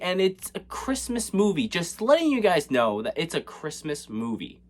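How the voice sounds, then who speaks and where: A man's voice: high-pitched, big pitch swings, normal speed, hardly any pauses. A man recapping a movie in a casual, comedic way, sarcastic and rambling, with many fillers and restarts. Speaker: movie reviewer.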